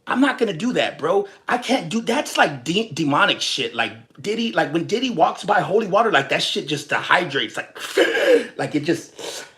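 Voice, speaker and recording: A man's voice: a little high, normal speed. A young man from Texas ranting casually and profanely on his livestream, rambling and joking with viewers. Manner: rambling, profane, animated, jokes and chats with viewers. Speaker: livestream host.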